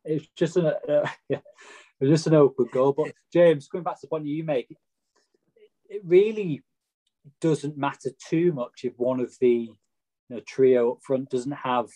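A man's voice: fairly high pitch, moderate pace, warm tone. A man, a co-host giving wry, opinionated takes in a casual football chat. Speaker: podcast co-host.

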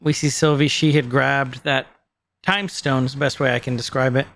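A man co-hosting a podcast, recapping a show in casual chat, animated and quick to laugh, acting out quotes. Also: medium pitch, no echo. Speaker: podcast co-host.

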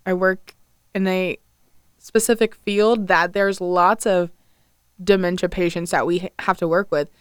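A woman co-hosting a casual podcast, pushing back on her partner's points in quick bursts. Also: fairly low pitch, fairly even intonation, smooth, dry recording, studio quality. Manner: defensive, laughs easily, talks in quick bursts. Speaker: podcast co-host. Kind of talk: casual chat.

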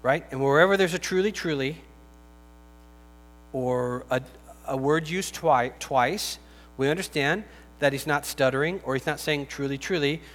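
Male pastor, high voice, chatty and humorous sermon with forceful emphasis; long hall reverb, faint music bed. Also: unhurried, pauses often. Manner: conversational and joking, with emphatic bursts.

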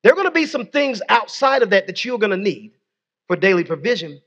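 A man's voice: high-pitched, big pitch swings, a little fast, a bit bright. A male pastor preaching a sermon, leading his congregation in call-and-response and dropping in folksy, conversational asides.

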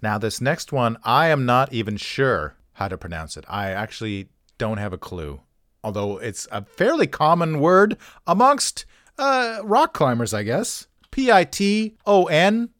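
A man hosts a pronunciation channel in a mid-range voice with wide pitch swings, speaking unhurriedly and a little brightly. He chats casually, dropping wry, offhand jokes and poking fun at himself. The studio recording is dry and clean.

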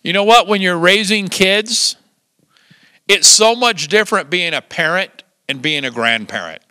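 A man's voice: high voice, unhurried, no echo. An older man preaching a sermon, telling stories with chuckles and acting out the quotes. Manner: lively storytelling with chuckles and acted-out quotes. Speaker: pastor.

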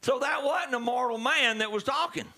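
A male preacher delivering a sermon, dropping to low murmurs and rising to shouted calls to the congregation. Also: normal speed. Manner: swings from low murmurs to loud shouted exhortations.

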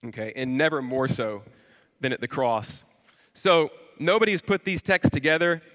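A man in his forties preaching a sermon with animated storytelling and emphatic repetition. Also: mid-range voice, normal speed, big-room sound.

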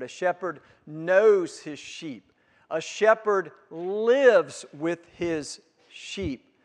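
A man preaching a sermon as pastor, emphatic, swelling loud on key words and dropping low on others. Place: church sanctuary. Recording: long reverb of a church hall.

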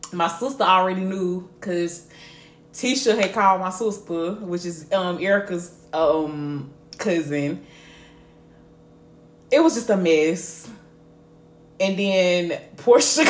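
A young woman podcast co-host, telling an animated, profane story in casual chat and laughing often. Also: medium pitch, a little slow. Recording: echoey room with faint ambient noise.

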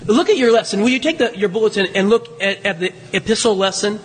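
Husky high-voiced male pastor preaching. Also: fast talker. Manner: conversational, teasing asides to the congregation. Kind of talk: sermon. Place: church sanctuary. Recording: long hall reverb.

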